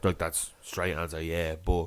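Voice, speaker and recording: A man's voice: low voice, monotone, a little slow, no echo. A man co-hosting a podcast in casual chat, laughing as he talks and restarting his sentences. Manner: laughs while talking, trails off and restarts. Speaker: podcast co-host.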